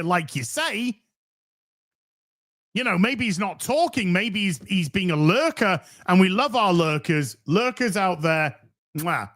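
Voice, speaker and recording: A man's voice: sits high, fairly bright tone. A man hosting a commentary show, ranting sarcastically and mocking the streamer he reacts to. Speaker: commentary host.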